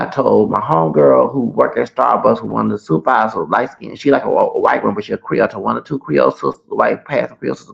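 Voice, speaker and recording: A man's voice: medium pitch, expressive, quick pace, creaky, hardly any pauses, dull audio. A man telling a rambling, profane story on a casual livestream through a computer mic. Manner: rambling, profane, repeats himself.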